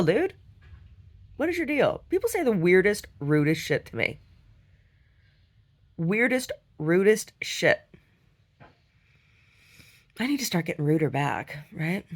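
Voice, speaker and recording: A woman chats on her vlog in a husky voice with a gravelly edge. She rambles through her story, restarts her sentences and swears freely. Her pitch swings up and down a lot. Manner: rambling and profane, with frequent restarts. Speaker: conceptual artist. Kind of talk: casual chat vlog storytelling.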